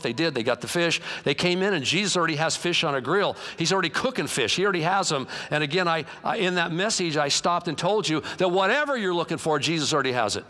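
A man preaching to his congregation, his voice sitting a little high for a man. He talks in a loose, folksy way, jumping into lively impressions and jokes. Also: fast, few pauses. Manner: animated and folksy, jokes and acts out quotes. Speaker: pastor. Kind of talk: conversational sermon. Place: church.

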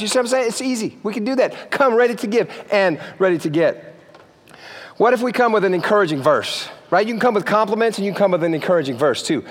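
A man's voice: high-pitched, lively intonation, fast talker, long reverb tail. A man preaching a sermon in a church, playful and joking, often checking in with the crowd. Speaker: pastor. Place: church sanctuary.

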